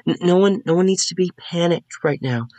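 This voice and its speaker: A man voicing a plain elven fisherwoman who tries to calm a frightened crowd, soft, pleading and a little stammering. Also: high voice, a little fast, no echo, pitched above the performer's own voice. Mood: soothing.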